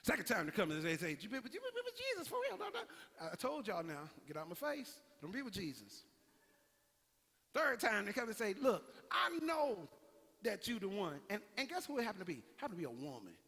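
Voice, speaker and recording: Animated high-voiced preacher in a reverberant church. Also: male voice, fairly quick, creaky, husky. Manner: animated storytelling, acting out characters. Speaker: pastor. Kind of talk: sermon. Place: church sanctuary. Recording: long hall reverb.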